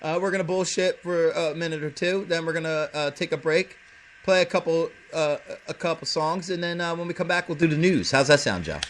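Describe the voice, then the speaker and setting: A man's voice: fairly high pitch, fairly quick, background noise. A man hosting a casual internet radio show, rambling and profane, laughing often.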